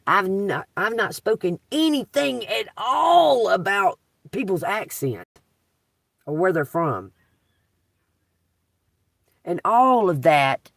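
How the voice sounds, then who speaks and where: A woman's voice: medium pitch, dry recording, studio quality. Brief: Southern woman tarot reader, blunt and cussing, voice that leaps up and down. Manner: blunt, profane, swings between drawl and outbursts. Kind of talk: unscripted video rant to viewers.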